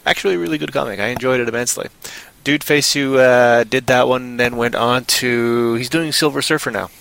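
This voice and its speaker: A man co-hosting a casual podcast chat, rambling and joking, often breaking into loud silly voices. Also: mid-range voice, a little fast, vocal fry, clean tone, no room sound, low-quality recording. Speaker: podcast co-host.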